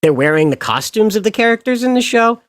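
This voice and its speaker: A man's voice: sits high, sing-song, fast talker, dry recording, studio quality. A man hosting a livestream, ranting in a sarcastic, sweary, exasperated way. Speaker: livestream host. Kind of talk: casual ranting stream commentary.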